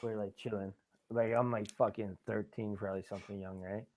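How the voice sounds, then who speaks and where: A young adult man hosts a podcast, spinning rambling, profane stories in casual conversation and laughing at his own tales. His voice sits fairly low, with a level tone, a fairly quick pace, and a slightly mellow quality. The recording sounds tinny, like a phone.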